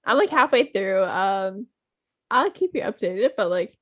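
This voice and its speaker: A woman's voice: medium pitch, expressive, a little slow, fairly bright tone, muffled recording. A young woman in casual chat who giggles a lot and says "like" all the time. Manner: giggly, chatty, heavy use of "like".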